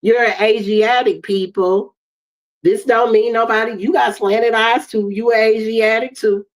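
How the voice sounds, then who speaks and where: A woman in her fifties with an African American English accent, hosting a livestream and telling stories in an animated way, acting out the dialogue. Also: fairly high pitch, measured pace. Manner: animated storytelling, acts out dialogue. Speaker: livestream host. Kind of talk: casual livestream monologue. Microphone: streaming setup mic.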